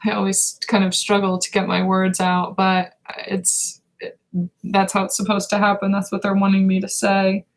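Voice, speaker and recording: A woman gives a live spiritual reading in a gravelly, fry-laden voice. She talks slowly and meditatively, and her pitch stays level and even. She halts often and reaches for words between pauses. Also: low-quality recording. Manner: slow, meditative, halting with pauses and fillers. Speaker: intuitive reader.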